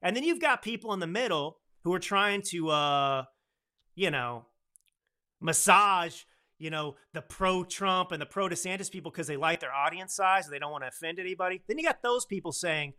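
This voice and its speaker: A man's voice: sits high, lively intonation, moderate pace, sharp tone. A man in his thirties hosting a political commentary podcast, talking emphatically and checking in with his producer. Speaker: podcast host.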